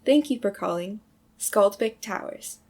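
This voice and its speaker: A woman's voice: medium pitch, animated, a little slow, very noisy. A woman voicing a curt, unhelpful automated phone-line voice in a comedic short film, clipped and dismissive. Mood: dry, dismissive.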